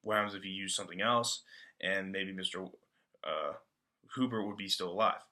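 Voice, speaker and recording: A man's voice: sits low, moderate pace, sharp tone. A man giving a casual book-report talk in a loose, slangy way, full of fillers. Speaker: student presenter.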